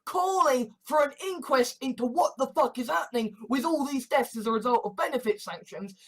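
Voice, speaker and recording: A woman's voice: high-pitched, animated, fairly quick. A woman in a casual monologue, swearing often and acting out her own reactions in quotes.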